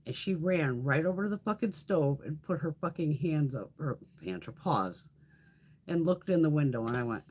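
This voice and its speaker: A woman's voice: low-pitched, moderate pace, slight background noise. A woman hosting a beauty livestream, chatting casually and telling stories with lots of swearing. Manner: animated storytelling with frequent swearing. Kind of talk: casual chat.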